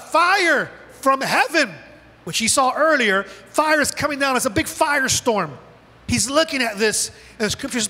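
A man preaching with a high, bright, ringing voice, animated and dramatic, often acting out the lines he quotes. His sermon echoes with a long reverb through a large church hall. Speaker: pastor. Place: church auditorium.

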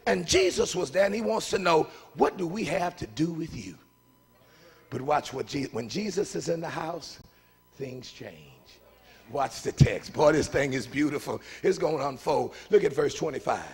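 A man preaches in a church sanctuary with a husky, gravelly voice that sits fairly high and swoops wildly in pitch. He calls out to the congregation, pushes some lines to a shout and pulls others down to a near hush. A long reverb hangs behind his words. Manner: animated, swings from shouts to hushed asides. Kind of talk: call-and-response sermon.

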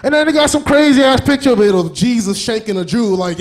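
A man performing a stand-up comedy set on a club stage, crude and animated, slipping into quick character voices. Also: high-pitched.

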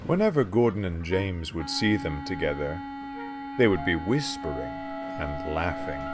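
A man narrating a storybook in an expressive storytelling manner. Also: low voice, a little slow, loud music behind the voice.

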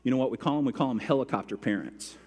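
A man's voice: mid-range voice, racing, darkish tone. A man pastor delivering a sermon in a church sanctuary. His voice sits in the middle range, and a long reverb hangs after each phrase. He tells stories and acts out the quotes in them. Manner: storytelling with acted-out quotes.

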